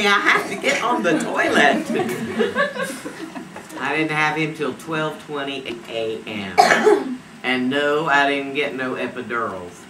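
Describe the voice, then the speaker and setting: An actress voices a streetwise young woman who tells her story with laughter and big swings of tone. She speaks low and unhurried and acts out the other voices. The recording is distant and roomy, with steady noise behind. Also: exaggerated voice. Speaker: actress performing a monologue. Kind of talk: stage monologue based on an interview. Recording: echoey stage recorded from afar, steady noise.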